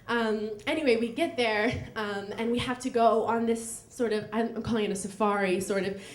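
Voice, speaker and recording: A young woman tells a story to a live audience in a fairly high voice, chatting loosely with many ums and likes and frequent laughter. The stage mic picks her up in an echoey room. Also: fairly even intonation, moderate pace. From United States.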